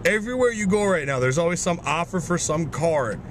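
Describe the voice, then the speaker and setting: A man's voice: a little high, animated, a little fast, background noise. A young man ranting angrily and swearing into a camera inside his car. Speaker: vlogger. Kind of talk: ranting vlog.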